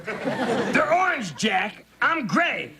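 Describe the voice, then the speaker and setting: A man's voice: very high voice, very animated, very slow, a crowd in the background, full character voice. An actor voicing a sarcastic, foul-mouthed male stuffed bunny who trades caustic, mocking insults. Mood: scornful. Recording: sitcom audio with loud laugh track and noise.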